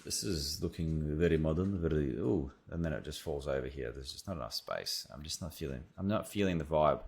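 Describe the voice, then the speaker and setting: A man's voice: rumbling low, brisk, gravelly, darkish tone, husky. A man with an Australian accent reviewing websites as an SEO consultant, thinking aloud in a casual, rambling way. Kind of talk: casual screen-share commentary.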